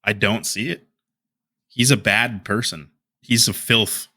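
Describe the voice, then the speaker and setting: A man's voice: fairly low pitch, steady tone, slow pace, sharp tone, breathy edge, no echo. A man delivering heated commentary as a YouTuber, ranting and trading insults.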